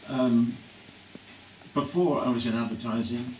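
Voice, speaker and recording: An older English man reflecting on his acting career in a live on-stage interview, clearing his throat often as his voice grows hoarse. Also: mid-range voice, steady tone, a little slow, darkish tone. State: voice growing hoarse. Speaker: actor being interviewed. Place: hall at a public event. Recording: echoey hall from a distance, faint hum.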